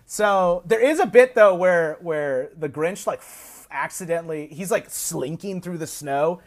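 A man chatting as a podcast guest, animatedly retelling a film plot and slipping into quick put-on voices for the characters. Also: a little high. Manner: animated, recounts plots with quick put-on quotes. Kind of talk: casual storytelling chat.

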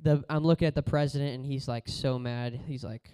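A man preaching a sermon in a casual, conversational way, telling stories and moving between loud exhortation and quiet, low moments. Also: steady tone, a little fast, clear, resonant tone.

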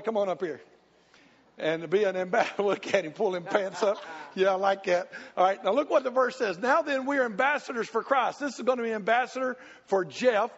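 Folksy pastor, man, husky and high, muffled recording in a reverberant church. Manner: folksy, joking, pleading. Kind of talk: sermon with congregation volunteers. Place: church sanctuary.

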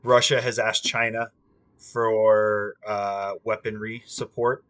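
Low-voiced man in profane casual chat. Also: level tone, takes it slowly, fairly bright tone. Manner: rambling, swears freely, many ums. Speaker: podcast co-host.

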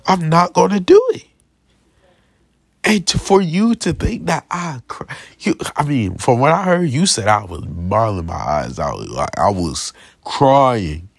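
A young man rants to his audience in a casual vlog, slangy and aggrieved, circling back to the same points. His voice is husky and his pitch jumps all over the place. The sound is dry and close. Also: no echo. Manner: slangy, repetitive, aggrieved, keeps asking "you feel me". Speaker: vlogger. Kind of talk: casual straight-to-camera rant.

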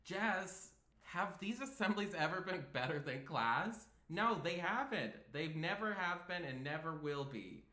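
A man's voice: high voice, expressive, unhurried, bright, forceful tone, heavily acted. A man reading the lines of a sarcastic teenage girl student from a script. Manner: sarcastic, dry. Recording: echoey room.

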